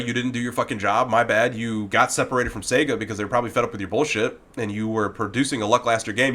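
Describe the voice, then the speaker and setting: A man's voice: mid-range voice, bright, forceful tone. A man ranting in a video about a game's forum moderator, heated and exasperated, swearing often and addressing the moderator directly. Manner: talks directly to the person he criticizes. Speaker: gaming commentator.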